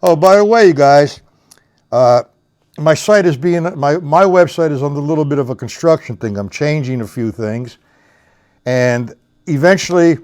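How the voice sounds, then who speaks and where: A middle-aged man with a fairly high, darkish voice teaches drums on a live stream. He counts beats and explains technique bluntly and with a lot of rambling, playing drums between his remarks.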